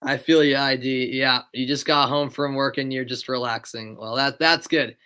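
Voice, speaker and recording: A tired young American man does live amateur play-by-play of a football match, chatting with viewers between calls. His medium-pitched voice is smooth with a sharp tone, fairly even intonation, and normal speed.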